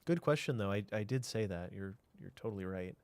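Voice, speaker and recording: A man with a fairly low voice talks through a city-building game as he streams it. He thinks aloud, answers chat and now and then drops into a near-whispered mutter. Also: animated, a little fast, a little mellow, dry recording. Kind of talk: casual game commentary.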